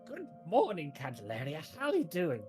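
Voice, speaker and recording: A woman voicing a kindly old male gnome lawkeeper who speaks in a measured, polite way. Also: sits low, wildly swooping pitch, music in the background, pitched above the performer's own voice.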